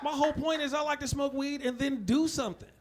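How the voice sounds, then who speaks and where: A man's voice: extremely high pitch, fairly even intonation, fast. A man doing a stand-up comedy set on a club stage, with loose, laughing, punchy banter toward the crowd. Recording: noisy live club recording.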